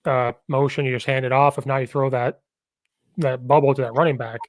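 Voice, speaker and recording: A man's voice: medium pitch, little pitch movement, brisk, dry recording. Eager, rambling male podcast host. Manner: enthusiastic, rambling storyteller. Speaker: podcast host, football coach. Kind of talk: casual coaching chat.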